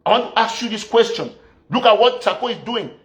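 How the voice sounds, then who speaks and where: An activist commentator from Southern Cameroon delivers a political rant in a high-pitched, fairly bright voice, speaking fairly quickly with lively intonation. He scolds his opponents and fires off rhetorical question after rhetorical question.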